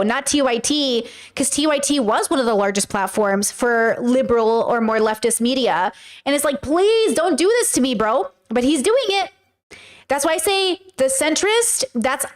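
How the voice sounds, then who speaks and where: A woman streamer giving casual political commentary, emphatic and slangy, talking straight to her chat. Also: high voice.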